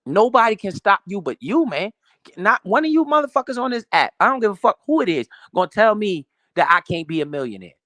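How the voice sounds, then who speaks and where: A man's voice: high-pitched, big pitch swings, brisk, pushed and bright, dry recording, clean studio sound. A man giving a profane, emphatic motivational rant about money in a casual way. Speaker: motivational finance streamer.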